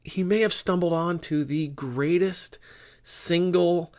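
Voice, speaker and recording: A man's voice: high voice, slow pace. A middle-aged man giving a conversational, sermon-like talk, musing aloud with restarts and sudden bursts of emphasis. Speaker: speaker giving a faith talk. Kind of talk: informal sermon-style talk.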